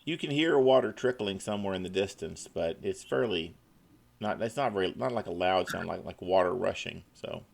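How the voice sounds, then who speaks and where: A man with a Midwestern accent runs an online tabletop game as game master. His voice is low and gravelly. He describes the scene with frequent restarts and fillers. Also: normal speed. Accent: Midwestern American.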